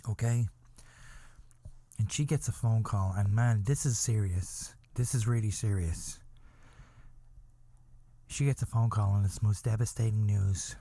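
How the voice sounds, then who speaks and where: A man's voice: unhurried, long pauses, dark tone. Crude rambling male podcast host. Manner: rambling, swings into high wailing cries; profane, mock-serious. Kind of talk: crude comedic monologue.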